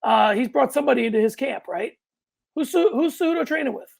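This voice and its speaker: Gravelly, animated male podcast co-host. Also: very high-pitched, fast talker. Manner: animated, loud outbursts, rambling restarts. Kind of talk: casual sports podcast chat.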